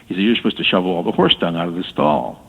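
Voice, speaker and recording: A man telling his story as a guest on a radio interview, halting and repeating words as he talks. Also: low-pitched, breathy edge. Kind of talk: casual storytelling. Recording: tinny phone line with long reverb.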